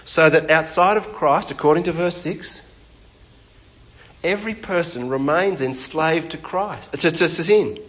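Higher-voiced New preacher. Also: male voice. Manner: conversational, chats with the congregation, frequent restarts. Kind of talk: sermon. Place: church.

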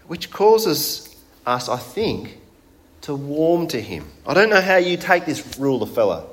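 Male preacher, medium voice, chatty sermon delivery with rhetorical questions. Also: mid-range voice. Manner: conversational, asks the congregation rhetorical questions.

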